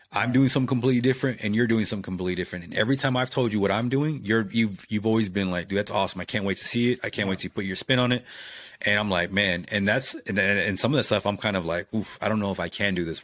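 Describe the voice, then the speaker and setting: A man with a lowish voice rattles off his thoughts fast and profanely in casual conversation. The sound is dry and close, with no room around it. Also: dry recording. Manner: fast, profane, animated rant. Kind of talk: casual chat.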